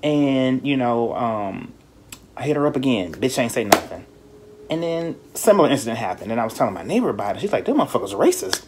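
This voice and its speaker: A man hosting a podcast in casual chat, telling stories in an animated, profane way and mimicking people in high voices. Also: brisk, heavy background noise. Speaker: podcast host.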